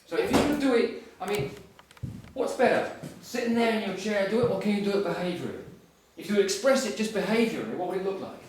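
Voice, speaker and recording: A man's voice: sits high, expressive, fast talker, darkish tone. A man coaching an actor through a monologue, pushing and coaxing her to commit fully. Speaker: acting coach. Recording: echoey room from far off, background noise.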